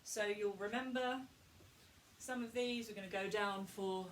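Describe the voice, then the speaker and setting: A woman coaching a group through a vocal warm-up, calm and instructive as she models each exercise. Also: mid-range voice, a little slow, a little hiss or hum. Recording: echoey room, distant mic.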